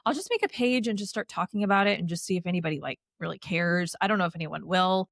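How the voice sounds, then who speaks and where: A woman's voice: on the low side, quick pace, vocal fry, dry recording. Chatty woman on a dry podcast mic. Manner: chatty, heavy use of "like", animated with sarcastic asides. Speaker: podcast guest. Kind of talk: casual conversational storytelling.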